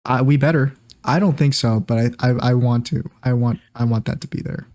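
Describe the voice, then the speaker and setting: A man's voice: medium pitch, steady tone, fairly quick, a little mellow. A man co-hosting a podcast, joking and sarcastic in casual chat. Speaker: podcast co-host.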